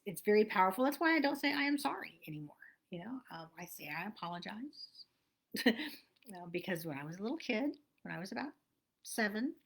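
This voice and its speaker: A woman, host of a casual motivational vlog, talking in a chatty, meandering way and often correcting herself. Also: mid-range voice. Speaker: host, abundance coach.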